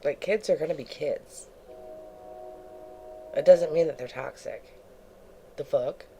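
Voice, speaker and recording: A man reacting to the clips in an unimpressed, drawn-out way. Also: a little high, vocal fry, mellow, a little hiss or hum, rough recording. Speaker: reaction commentator. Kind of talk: reaction commentary.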